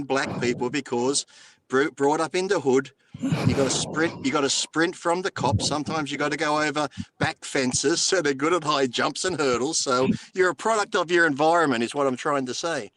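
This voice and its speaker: A man's voice: fairly high pitch, normal speed, a bit bright, slight background noise. A man co-hosting a casual podcast chat, a former bodybuilder who jokes crudely and laughs often. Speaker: co-host.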